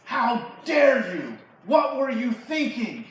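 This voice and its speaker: A man voicing a furious, jealous old king who yells at his son, in a very echoey hall far from the mic. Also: fairly high pitch, lively intonation, a little slow, slight background noise. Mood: outraged. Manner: shouting, outraged.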